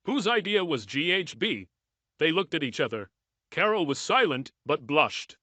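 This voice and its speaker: A man narrating a first-person story in a measured, even reading style. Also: a little high, dry recording.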